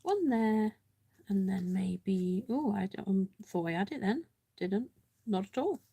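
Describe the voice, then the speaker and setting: A woman's voice: medium pitch, expressive, a little slow, creaky, warm tone, breathy edge. A woman hosting a live card-making demonstration, chatting and thinking aloud as she works, poking fun at herself and greeting viewers by name. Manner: chatty, self-mocking, thinks aloud while working. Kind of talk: casual live craft demonstration.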